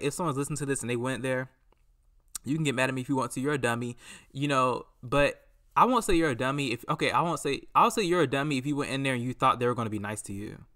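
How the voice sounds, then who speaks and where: A man hosting a podcast, talking in a casual, rambling and animated way, often acting out what people said. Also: medium pitch. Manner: rambling, animated, acts out quotes. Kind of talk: casual solo commentary.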